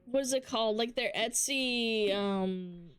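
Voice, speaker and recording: A woman VTuber streamer chatting casually into a headset, animated and swearing often. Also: fairly high pitch, unhurried, faint music behind.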